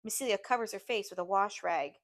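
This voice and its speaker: A woman teacher reading a novel aloud to her class, steady and expressive. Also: mid-range voice, a little fast, no echo, clean studio sound.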